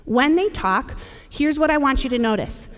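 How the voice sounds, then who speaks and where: A woman's voice: high voice, animated, moderate pace. Woman presenting in a reverberant hall. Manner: conversational and humorous, addressing the audience directly. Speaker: presenter at a safety conference. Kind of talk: conference presentation. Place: large conference hall. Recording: long reverb of a large hall.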